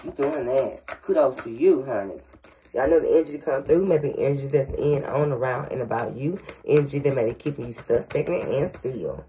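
Low-voiced grandma doing a chatty psychic reading, mellow, stutters a lot. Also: female voice, animated, moderate pace, slight background noise. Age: older. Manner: stuttering, fillers, addresses viewers as y'all and honey. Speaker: psychic medium. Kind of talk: casual tarot reading to viewers.

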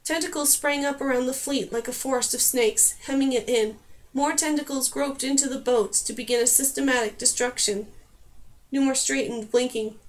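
A woman narrating a fantasy novel aloud as an audiobook, in a steady storytelling voice. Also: high-pitched, normal speed.

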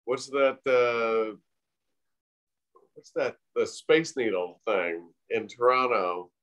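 A man's voice: medium pitch, slow pace, a bit bright. A man chatting as a guest in a casual interview, joking and teasing the host.

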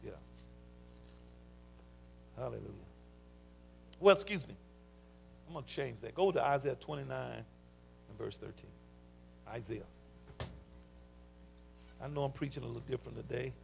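An older pastor with a Southern US accent, preaching a fervent sermon with folksy stories and call-and-response interjections. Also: male voice, medium pitch, animated, normal speed, gravelly, long pauses, darkish tone, faint music behind. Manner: folksy storytelling. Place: church sanctuary.

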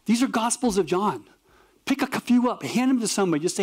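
A male pastor with a notably high-pitched voice delivers a sermon to his congregation. He talks with animated energy, slipping into the voices of the people in his stories. His key points land in short, emphatic bursts. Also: a little fast. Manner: animated storytelling, acts out dialogue; emphatic, punchy preaching.

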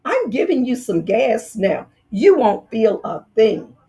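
A woman voicing a kindly, careful male mouse dentist in a storybook read-aloud, speaking high, firm and precise. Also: very animated, slow pace, warm tone, husky, exaggerated voice.

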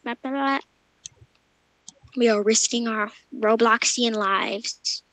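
High bright excitable gamer woman. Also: slow pace, no echo. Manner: excitable, squealing and giggly. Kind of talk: casual gameplay chat.

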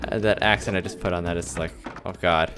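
A man's voice: sits low, fairly even intonation, fairly quick, fairly bright tone, faint music behind. A man giving casual, mumbled, self-deprecating commentary while playing a game. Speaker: let's play host.

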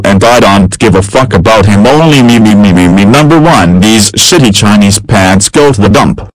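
A male text-to-speech voice playing a foul-mouthed, furious cartoon father in a crude, rambling monotone. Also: lowish voice, dry recording, lightly acted, poor audio. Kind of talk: grounded-video text-to-speech voice.

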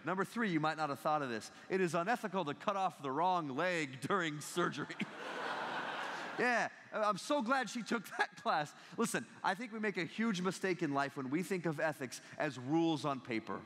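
A man in his thirties gives a lively, comic talk to a university audience. His fairly high voice swoops up and down as he tells stories and laughs along. A long hall reverb trails each phrase. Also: moderate pace. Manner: animated storytelling with frequent laughter. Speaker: guest speaker. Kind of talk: humorous motivational talk. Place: large university lecture hall.

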